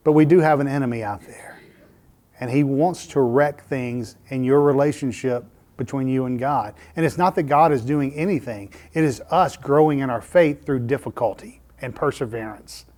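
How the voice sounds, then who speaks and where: A pastor preaching a sermon in a church, telling a story in an animated way and laughing at himself. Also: male voice, medium pitch, normal speed. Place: church sanctuary.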